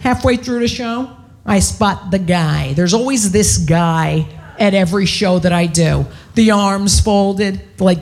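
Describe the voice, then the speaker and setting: A woman's voice: medium pitch, a little slow, a little mellow, a little hiss or hum. A woman performing a stand-up comedy set, brash, profane and self-mocking.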